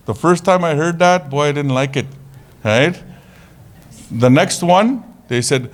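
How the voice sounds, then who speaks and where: A man presenting at a conference, talking casually, with jokes and lively storytelling. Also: a little high, a little slow. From Canada. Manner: casual, joking, animated storytelling. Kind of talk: conference talk.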